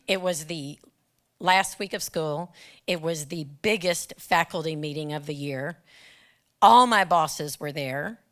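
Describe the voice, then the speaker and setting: A woman, a teacher, telling a personal story to an audience with dramatic pauses. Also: low-pitched.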